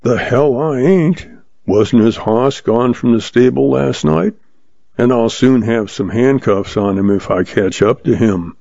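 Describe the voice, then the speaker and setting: A slow-witted frontier sheriff who blusters and frets, as a male narrator puts him on. His gravelly voice is dark and sounds dull and dry. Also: medium pitch, animated, no echo. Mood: blustering. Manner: blustering, then meek. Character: dim, flustered middle-aged male sheriff.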